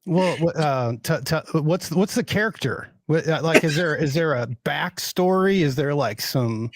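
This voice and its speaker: A man's voice: a little high, lively intonation, measured pace. A man who is a guest on a casual livestream chat, joking around playfully in a put-on accent. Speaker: guest streamer.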